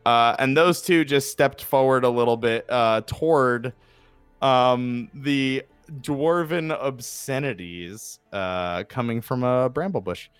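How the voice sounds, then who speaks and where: A man's voice: mid-range voice, a little slow, smooth, no echo, faint music behind. A man with a New Jersey accent running a tabletop game as game master, chatty and laughing, with lots of fillers.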